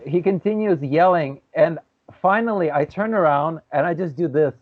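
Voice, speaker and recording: A man co-hosting a podcast, telling a story in a lively, casual way and acting out the people in it. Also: fairly high pitch, normal speed, dry recording. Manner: animated storyteller, acts out quoted voices. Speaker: podcast co-host. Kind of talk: casual chat. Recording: tinny phone-like audio.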